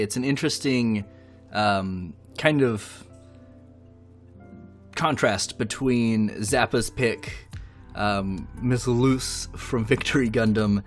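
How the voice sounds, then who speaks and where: A man hosting a podcast, moderating and passing turns to the other speakers. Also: lowish voice. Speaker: podcast host. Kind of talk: casual podcast chat.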